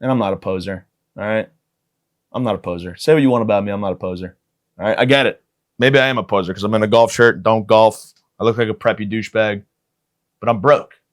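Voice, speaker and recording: A man's voice: on the low side, fast talker, long pauses. A man in his thirties carries his podcast solo, rambling from one joke to the next. He swears freely and pokes fun at himself in a loose, unscripted monologue. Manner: profane, self-mocking, riffing. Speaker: podcast host.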